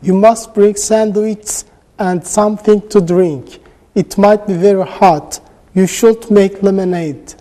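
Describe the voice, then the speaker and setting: Male student, warm mellow tone, slow deliberate answers. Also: high-pitched, steady tone. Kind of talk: classroom practice dialogue.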